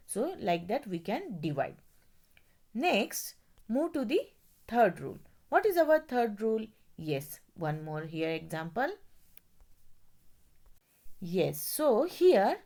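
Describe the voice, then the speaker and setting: A woman's voice: medium pitch, a little mellow. A woman teacher, explaining step by step, spelling words out letter by letter and often checking whether the class follows. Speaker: English teacher. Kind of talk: classroom grammar lesson.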